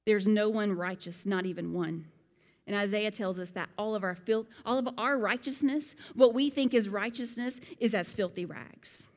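A woman giving a Bible lesson, animated and fond of rhetorical questions. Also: mid-range voice, normal speed, big-room sound. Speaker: Bible teacher. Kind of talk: sermon-style Bible lesson.

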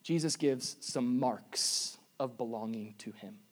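A man preaching a sermon to a congregation in a church, moving between quiet intimate asides and loud emphatic appeals. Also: medium pitch, slow pace. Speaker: pastor. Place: church sanctuary before a congregation.

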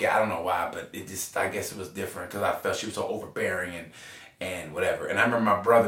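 Cast a man in his forties, bright-toned, telling candid stories in a roomy space off-mic. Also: fairly low pitch. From Oklahoma, USA. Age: 40s. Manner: animated, swears freely, laughs often. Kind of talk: candid personal storytelling. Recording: roomy echo, mic at a distance.

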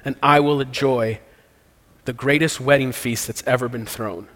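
A man preaches earnestly in a church sanctuary, mixing casual slang into his sermon before leading communion and prayer. His voice sits in a middle pitch. It rings with the long reverb of a large hall. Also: steady tone, moderate pace, a bit bright. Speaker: pastor.

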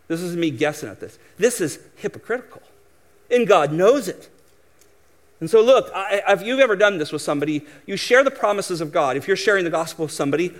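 A man preaching a sermon, emphatic, swinging between loud exhortation and quiet asides, mocking doubters in quoted voices. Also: a little high. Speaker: pastor.

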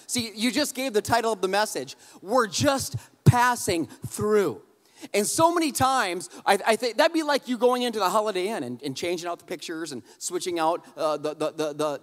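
A man preaching a sermon, telling a humorous family story in an animated, conversational way and addressing the crowd directly. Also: sits high, in a large hall. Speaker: pastor.

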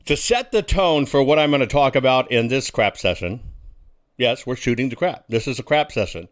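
A man's voice: medium pitch, animated, moderate pace. Folksy, combative male talk host. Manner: folksy, combative, rhetorical questions. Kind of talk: casual talk show monologue.

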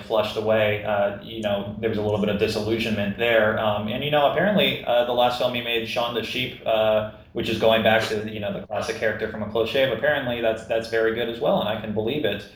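A man with a low voice hosts a podcast, measured and conversational. He sits back from the mic, so his voice sounds distant, in a roomy, echoey space. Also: steady tone. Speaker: podcast host.

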